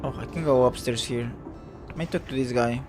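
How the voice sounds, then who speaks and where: A man's voice: mid-range voice, brisk, music in the background. A man streaming a game, reading items aloud and muttering casual, sometimes swearing asides.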